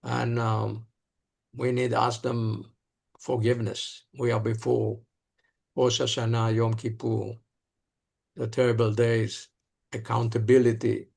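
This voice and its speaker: An older man with an Israeli accent, an interview guest telling stories in earnest, halting English. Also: medium pitch, flat delivery, creaky, darkish tone, slightly rough. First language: Hebrew. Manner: earnest, halting, broken phrasing. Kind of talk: storytelling in an interview.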